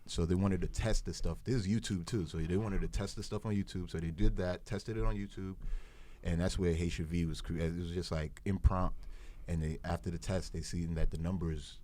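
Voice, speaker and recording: Deep-voiced Brooklyn man in his forties, podcast storyteller, loose and rambling, acts out the people he quotes. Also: fairly even intonation, a little fast, warm tone. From Brooklyn, New York. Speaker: podcast cast member. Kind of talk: casual storytelling chat.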